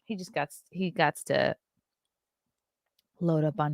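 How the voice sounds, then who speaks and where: A woman's voice: sits low, steady tone, slow, vocal fry, no echo, studio quality. A woman, hosting a casual live stream, chatty and profane as she reads out the chat. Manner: blunt, profane, chatty, laughs often. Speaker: podcast host reading live chat.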